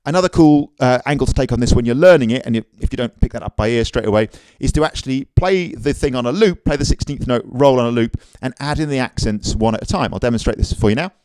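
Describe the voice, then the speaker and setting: A man giving a casual, upbeat drum lesson on video, chatting easily and counting rhythms out loud. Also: mid-range voice, clean tone, no echo. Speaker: drum teacher. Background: drum kit playing.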